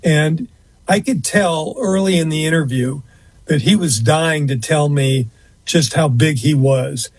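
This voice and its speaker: A man's voice: a little high, slightly rough, no room sound. A man telling a long story as an interview guest, rambling a little with frequent fillers and restarts. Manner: rambling, fills pauses with uh and um, restarts. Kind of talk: anecdotal storytelling in conversation.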